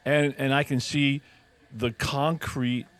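A man's voice: mid-range voice, little pitch movement, slow, a bit bright, dry recording. A man co-hosting a casual podcast chat, thinking aloud in a reflective way with frequent restarts. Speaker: podcast co-host.

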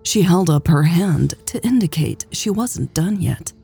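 A woman narrating a romance audiobook in a slow, hushed, measured reading. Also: lowish voice, expressive, gravelly, husky, soft background music.

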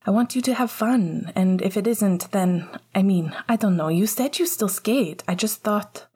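A woman voicing a young male hockey captain, light and teasing, then soft and earnest. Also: mid-range voice, normal speed, slightly rough, close to an everyday voice.

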